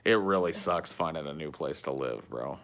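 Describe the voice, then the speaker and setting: A man's voice: rumbling low, expressive, moderate pace, fairly bright tone. A man in his thirties with a Californian accent, chatting casually on a podcast in a laid-back stoner drawl and swearing freely. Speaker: podcast host. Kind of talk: casual chat.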